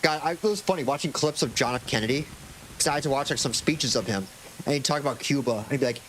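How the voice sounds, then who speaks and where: Young male streamer from Florida, mid-pitched, loose and jokey, slight hiss. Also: quick pace, a bit bright. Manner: rambling, joking, swears casually. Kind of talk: casual live-stream chat. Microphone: desk microphone.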